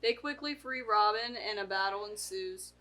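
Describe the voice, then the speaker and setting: A woman's voice: mid-range voice, moderate pace, bright, forceful tone, poor audio. A teenage girl co-hosting a movie podcast, reading the plot summary aloud and breaking off to joke with her family. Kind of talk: casual chat with read-out plot summary.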